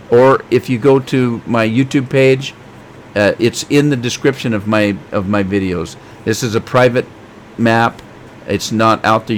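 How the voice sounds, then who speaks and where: Middle-aged man, low voice, joking game streamer reading chat, faint hum behind. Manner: chatty, joking, reads chat aloud. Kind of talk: casual game live stream.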